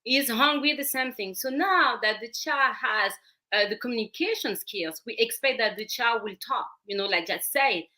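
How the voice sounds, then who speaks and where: Bright-voiced woman with a French accent. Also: a little high, moderate pace. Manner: earnest, explanatory, repeats words when searching. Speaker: parenting coach guest. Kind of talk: talk show interview.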